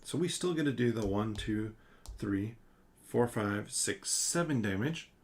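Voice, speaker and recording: A man's voice: on the low side, animated, unhurried. A man hosting a solo board game playthrough, thinking aloud and counting out damage and cards. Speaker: board game channel host.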